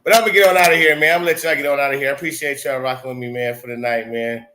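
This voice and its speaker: Streamer host, man, bright mid-pitched voice, loose swearing chat, laughs easily. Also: fairly even intonation, racing. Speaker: livestream host. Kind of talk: casual livestream chat.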